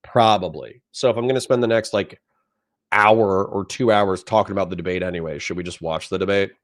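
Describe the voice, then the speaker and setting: A young man hosting a casual livestream, reading chat comments aloud and reacting in a profane, animated way. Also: low voice, a little fast. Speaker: livestream host.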